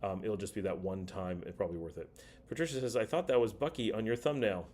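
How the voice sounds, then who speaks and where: Middle-aged male livestream host, low voice, loose chatty delivery answering viewer comments. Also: fast, darkish tone. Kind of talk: casual livestream chat.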